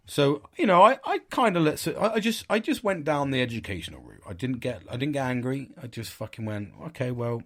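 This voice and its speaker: A man's voice: medium pitch, sing-song, fast talker, few pauses, fairly bright tone. A middle-aged man, hosting a podcast and telling a personal story in a candid, rambling, sweary way. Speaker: podcast host. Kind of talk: casual storytelling monologue.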